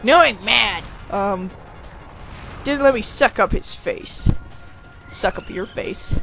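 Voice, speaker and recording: A let's play commentator giving casual, rambling gameplay talk, excitable and quick to whine or shriek at setbacks. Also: mid-range voice, vocal fry, soft background music.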